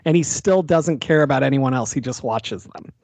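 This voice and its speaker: A podcast co-host in relaxed conversation about a film. They are laid-back and wry and drop casual swears. The sound is dry and close with no room echo. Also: mid-range voice, moderate pace, creaky. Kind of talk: casual movie discussion.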